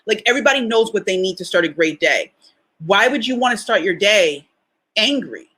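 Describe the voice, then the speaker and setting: A woman's voice: mid-range voice, lively intonation, fairly quick, a bit bright. Chatty motivational woman podcast host. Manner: chatty, emphatic, rhetorical questions. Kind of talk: motivational solo podcast talk.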